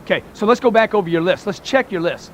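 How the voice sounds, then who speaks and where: A man with a bright, high-set voice delivers a motivational talk in a punchy, emphatic way, hammering his points through repetition. A faint hiss sits under the recording. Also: animated, fast talker. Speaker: motivational speaker.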